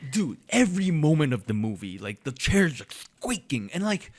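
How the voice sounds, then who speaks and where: A young man on a podcast tells a long, rambling story with a lively, swooping voice. He stops to restart his sentences and acts out what other people said. He is recorded close to the mic in a dry, dead room. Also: fairly high pitch, normal speed, no echo. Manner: animated, many fillers and restarts, acts out quotes. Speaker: podcast co-host. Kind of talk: casual storytelling chat.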